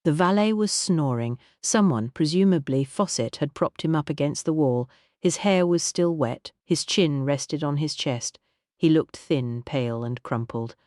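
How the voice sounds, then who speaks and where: A woman narrating a mystery audiobook in an expressive storytelling manner, recorded on a close studio mic. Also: low voice, a little slow, no echo.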